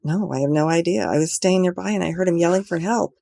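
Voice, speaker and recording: Woman author reading a panicky young woman shouting, high and gravelly, dry sound. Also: fast talker. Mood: urgent. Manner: shouting, frantic.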